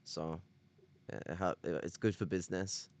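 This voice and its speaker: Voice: deep voice, steady tone, a little slow, a little mellow. A livestream host giving casual commentary on a text. They read quotes aloud and break off into rambling, profane, sardonic asides full of fillers and restarts.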